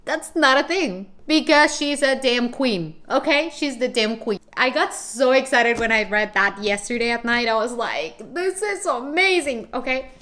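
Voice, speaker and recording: A chatty young woman with a slightly high voice talks to her camera from her bedroom. She gushes and rambles in a casual vlog, piling on fillers as she goes. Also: moderate pace, hardly any pauses. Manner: gushing, excitable, chatty with many fillers. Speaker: vlogger.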